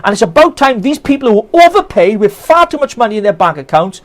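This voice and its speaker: A man's voice: high-pitched, big pitch swings, fairly quick. A Welsh man, a political campaigner, ranting with passion and indignation on a live stream, firing off rhetorical questions. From Wales. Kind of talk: impassioned live-stream rant.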